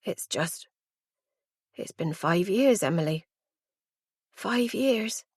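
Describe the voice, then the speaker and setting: A woman voicing a gentle, fretful middle-aged mother who has been crying and speaks softly in a thick voice. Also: mid-range voice, big pitch swings, normal speed, no echo, clean studio sound. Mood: whispering, tearful. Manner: soft, thick-voiced, near whisper. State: tearful.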